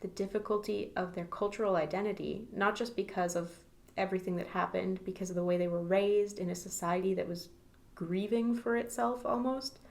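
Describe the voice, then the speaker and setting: A woman's voice: medium pitch, fairly even intonation, a little fast, creaky, a little mellow. A woman co-hosting a podcast, talking casually about a book and laughing often. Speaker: podcast co-host.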